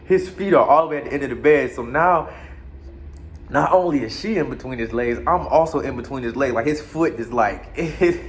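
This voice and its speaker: A man telling a crude, comic story in a casual, animated way. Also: mid-range voice, fairly quick. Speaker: podcast host telling a story.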